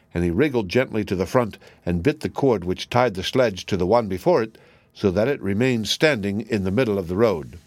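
A man narrating a fairy tale in a steady, measured reading. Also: lowish voice, no room sound. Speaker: storyteller.

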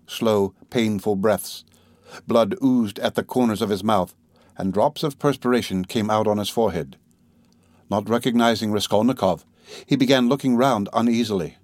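A man narrating a classic novel in a steady, measured reading that slows over grim details. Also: on the low side, no echo. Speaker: audiobook narrator. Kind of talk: scripted literary narration.

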